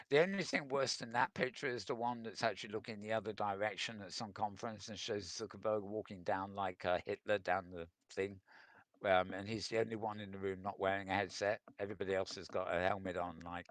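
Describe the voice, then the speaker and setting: A man's voice: low-pitched, fairly bright tone, dry recording. A man hosting a casual news roundup, reading out articles with wry asides, chuckles and plenty of ums. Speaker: news show host.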